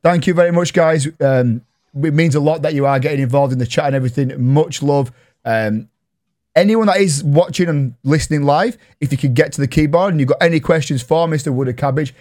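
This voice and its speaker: Yorkshire man, podcast host, chatty, laughs a lot, fairly high voice. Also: fairly quick. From Yorkshire, England. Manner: chatty, laughs often, reads out shout-outs. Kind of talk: casual chat on a live-streamed podcast.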